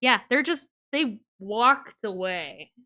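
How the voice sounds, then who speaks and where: A woman acting as game master in a casual tabletop game, calmly describing what happens. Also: on the high side, slow, lo-fi sound.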